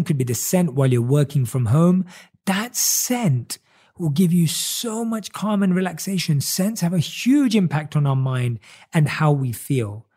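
A man delivers a motivational monologue straight to his listeners, leaning on repeated phrases and stretching out the words he wants to land. His voice sits a little high for a man, with a mellow, soft-edged tone. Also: breathy edge. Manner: earnest, repetitive, slows down to stress key words. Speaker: self-help speaker.

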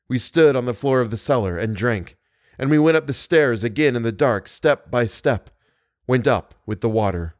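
A man's voice: mid-range voice, dry recording, studio quality. A man reading a novel aloud in dramatic first-person narration, building tension as he goes. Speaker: audiobook narrator.

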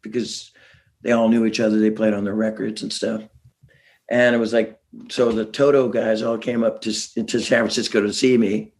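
A man's voice: lowish voice, flat delivery, normal speed, creaky, darkish tone. A man, a musician guest, telling stories in a rambling way with many restarts and chuckles. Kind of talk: casual interview storytelling.

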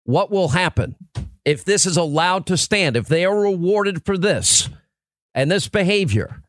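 A middle-aged man hosts political talk radio, pressing his points in emphatic, repeated lists. His voice sits fairly high for a man. It is recorded close on a dry studio microphone. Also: lively intonation, a little slow, no room sound. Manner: emphatic, repetitive rhetorical lists. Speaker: radio talk show host.

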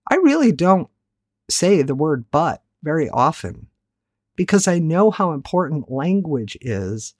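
A woman's voice: deep voice, dry recording, clean studio sound. A woman giving a candid, reflective solo talk as a self-help host, with casual swearing. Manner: candid, animated, casually profane.

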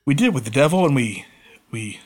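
A man's voice: mid-range voice, big pitch swings, a little fast. A man co-hosting a podcast, telling old wrestling stories in casual chat and laughing along. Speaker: podcast co-host, former wrestler.

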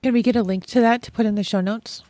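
A woman's voice: fairly high pitch, fairly even intonation, quick pace, mellow, no echo. A woman hosting a podcast interview, chatty and talking directly to her listeners. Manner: friendly, chatty, addresses listeners. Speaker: podcast host. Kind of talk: casual interview chat.

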